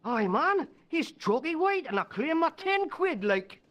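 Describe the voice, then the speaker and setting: A cheeky, boozy Geordie football fan in a video game. His voice sits high and swings all over the place. He is loud, matey and slurring. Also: sing-song, a little slow, full character voice. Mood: boozy banter.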